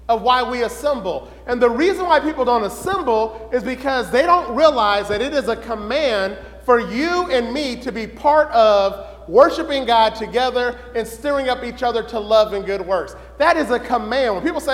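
A man teaching a Bible lesson in sermon style, questioning the room and building to excited shouts. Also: very high-pitched, in a large hall.

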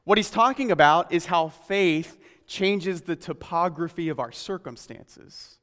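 A man's voice: on the high side, a little slow, fairly bright tone. Man preaching in a reverberant hall. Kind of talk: sermon.

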